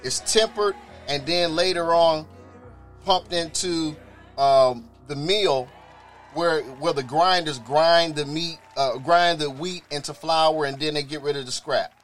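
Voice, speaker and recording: A man's voice: fairly high pitch, unhurried, faint music behind. A man casually telling a personal testimony, acting out other people's voices and often repeating or restarting words. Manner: animated, acts out others' voices in quoted dialogue. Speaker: storyteller sharing a personal testimony.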